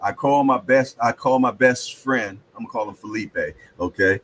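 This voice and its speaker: A man's voice: mid-range voice, moderate pace, a bit bright, slight background noise, low-quality recording. A middle-aged man hosting a casual hangout show, joking loosely in slang and telling stories with frequent laughs. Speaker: host. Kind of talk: casual chat and storytelling.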